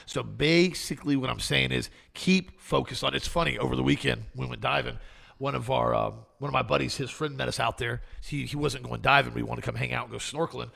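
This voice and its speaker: A male co-host tells stories in a casual, conversational way. His voice is bright but husky, with strong vocal fry running through it. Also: mid-range voice, fairly even intonation, brisk. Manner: conversational, anecdotal. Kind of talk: casual talk show banter.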